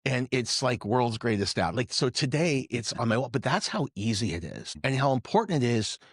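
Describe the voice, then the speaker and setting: Husky-voiced father sharing a story. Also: medium pitch, big pitch swings, normal speed, dry recording, studio quality. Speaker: podcast panelist, father. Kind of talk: personal anecdote in conversation.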